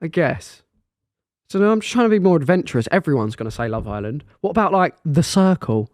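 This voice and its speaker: A young man with an Essex accent co-hosting a podcast in casual, animated chat, laughing often and restarting his sentences. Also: fairly high pitch, fairly quick, no room sound, clean studio sound. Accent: Essex English. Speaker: podcast co-host.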